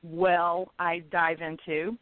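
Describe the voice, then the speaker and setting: A woman's voice: lowish voice, flat delivery, takes it slowly, a little hiss or hum. A woman telling a personal story casually, laughing often and acting out her own reactions. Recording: tinny phone-line sound.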